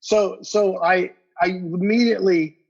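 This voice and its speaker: A man's voice: high-pitched, measured pace, gravelly. A man telling a collecting story in a casual chat, stumbling over repeated words and acting out both sides of a conversation. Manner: animated, repeats words, acts out dialogue. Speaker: guest collector. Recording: dull lo-fi podcast audio.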